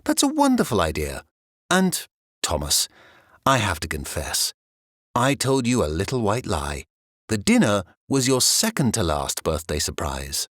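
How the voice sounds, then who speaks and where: Male reader doing an elegant mother cat, gentle and refined, lively pitch, dry booth. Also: measured pace, no room sound, full character voice. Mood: tender.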